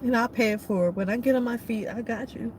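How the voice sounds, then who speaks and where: A woman's voice: fairly high pitch, quick pace. A woman trucker talking to her viewers on a live stream, emotional and close to tears as she thanks them by name. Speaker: trucker and vlogger. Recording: noisy background.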